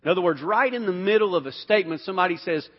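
Very fast and high-pitched, with lively intonation, a man teaches an interactive Bible class, firing questions at the group. He repeats himself and restarts sentences often, and the audio is dull with lengthy hall reverb.

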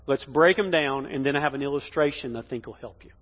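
A pastor preaching a sermon in a church, emphatic, swinging between loud declarations and hushed lines. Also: male voice, mid-range voice, fast talker. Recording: dull echoey hall sound.

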